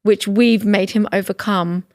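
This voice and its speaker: A woman's voice: medium pitch, fairly even intonation, measured pace, no room sound, clean studio sound. A woman co-hosting a podcast, chatting and agreeing often with "yeah". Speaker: podcast co-host. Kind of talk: casual chat. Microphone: studio podcast mic.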